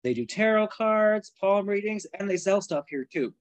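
A man's voice: sits high, animated, normal speed, voice pushed up. A man reading aloud and voicing a breezy young woman who teases her friend casually. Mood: teasing.

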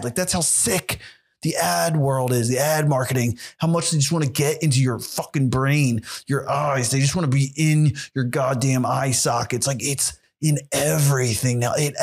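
A young man hosting a solo podcast, rambling and sarcastic with plenty of swearing. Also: medium pitch. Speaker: podcast host.

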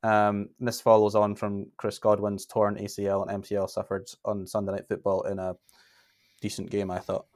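A man with a Northern English accent, co-hosting a casual sports podcast and talking with many pauses and fillers. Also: lowish voice, completely flat delivery, darkish tone. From Northern England. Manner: hesitant, lots of fillers. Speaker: podcast co-host.

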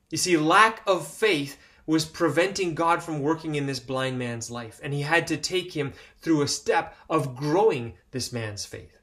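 Male preacher, high voice, expressive, earnest sermon delivery, emphatic repetition. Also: measured pace, few pauses. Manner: expressive, acts out voices in Bible readings; earnest, emphatic, repeats key phrases.

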